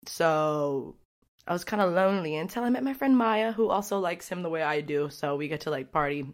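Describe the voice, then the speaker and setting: A woman's voice: lowish voice, fairly quick. A woman hosting a podcast in a casual, rambling monologue, candid and blunt, with constant "like" fillers. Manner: candid, rambling, heavy use of "like"; blunt and outspoken. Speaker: podcast host.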